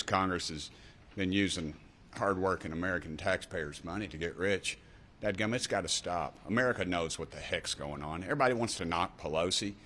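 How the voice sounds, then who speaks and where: A man's voice: deep voice, a bit bright, a little hiss or hum. Folksy fired-up East Tennessee man. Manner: folksy and fired-up, punchy repeated refrains. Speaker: congressman. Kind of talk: fiery press conference remarks.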